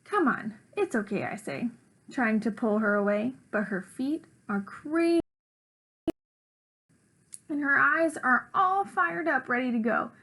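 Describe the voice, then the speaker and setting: A woman, an elementary school teacher, reading a chapter book aloud to her students in a lively, expressive way, then talking to them about the story. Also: sits high, slow pace, pauses often.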